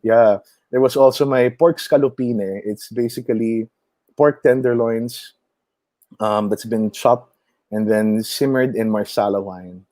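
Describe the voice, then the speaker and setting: Filipino guy, chef on a chat show, lively storyteller, laughs a lot, mellow tone. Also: mid-range voice, unhurried, dry recording. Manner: animated storyteller, mixes in Tagalog, laughs often. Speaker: chef, guest. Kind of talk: casual interview conversation.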